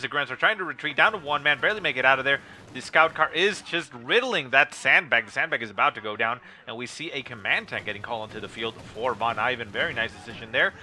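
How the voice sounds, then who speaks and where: A man giving play-by-play commentary on a strategy game replay, calling the action with lots of "uh" fillers and quick bursts of excitement. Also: mid-range voice, a little hiss or hum. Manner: rapid play-by-play with frequent "uh" fillers, rising excitement at kills. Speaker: game caster.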